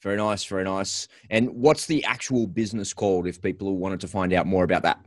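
A man hosting a podcast, upbeat and lively as he reads the intro and chats with his guest. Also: deep voice, a little fast, no echo, clean studio sound. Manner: upbeat, lively, promo-style. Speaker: podcast host.

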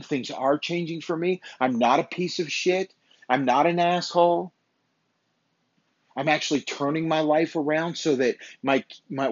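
This motivational podcast host has a fairly high-pitched voice and no echo. His delivery is blunt, emphatic, profane, and repetitive, captured in a dull, dry lo-fi recording.

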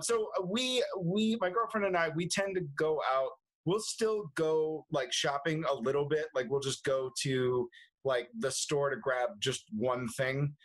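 A man's voice: fairly high pitch, a little slow, a bit bright, poor audio. A young man, a movie reviewer chatting casually as a guest, laughing often and restarting his sentences. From United States. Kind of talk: casual interview chat.

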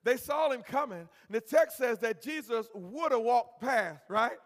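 A man with a very high voice preaches to his congregation as pastor. He moves from quiet, low stretches into impassioned shouts and asks them questions. His words ring on in the long reverb of a church hall. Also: lively intonation, measured pace. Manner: call-and-response with congregation. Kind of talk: preached sermon. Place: church sanctuary.

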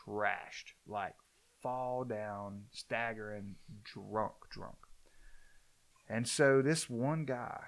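A man telling a story in casual chat, acting out the quoted lines with a loud, animated voice. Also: mid-range voice.

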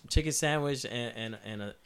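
A man's voice: mid-range voice, normal speed, smooth. A man from Puerto Rico, a podcast guest, telling stories in casual chat and acting out the people in them. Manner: animated storyteller who acts out other people's voices.

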